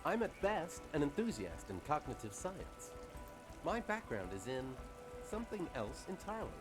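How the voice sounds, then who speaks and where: A man's voice: a little high, very animated, moderate pace. An actor playing a hesitant, self-effacing male academic in a video game, polite and understated. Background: game music.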